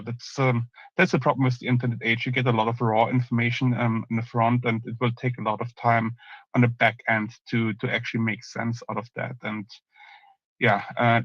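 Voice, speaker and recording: Male host, live online Q&A, halting with lots of ums, flat monotone, dull lo-fi sound. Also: medium pitch, dry recording. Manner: halting, many ums and restarts. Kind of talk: live audio chat Q&A.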